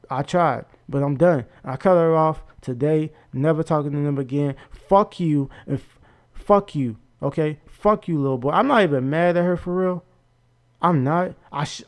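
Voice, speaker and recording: A man's voice: on the high side, a little mellow. A nineteen-year-old man telling an angry story in a heated, profane, repetitive rant. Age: young adult, about 19. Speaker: vlogger.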